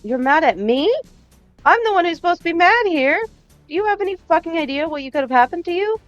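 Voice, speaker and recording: A woman voicing a furious, foul-mouthed young man who shouts and sneers. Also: mid-range voice, lively intonation, normal speed, highs cut off, faint music behind, close to an everyday voice. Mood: yelling. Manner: shouting, swearing, contemptuous.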